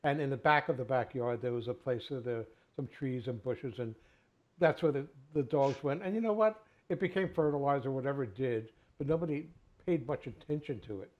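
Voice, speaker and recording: A man's voice: mid-range voice, fairly quick, muffled recording. An older grandfather hosting a casual chat, often stumbling and restarting his sentences.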